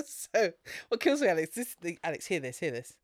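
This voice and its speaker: A speaker, co-hosting a casual podcast and retelling a film in an animated way, laughing often and swearing freely. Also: mid-range voice, normal speed, dry recording, clean studio sound. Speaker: podcast co-host.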